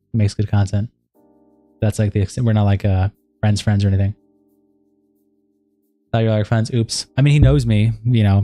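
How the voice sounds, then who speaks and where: A man hosting a casual livestream, chatting with viewers in a loose, profane way, full of fillers and sarcastic, deadpan asides. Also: fairly low pitch, dry recording. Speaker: livestream commentary host.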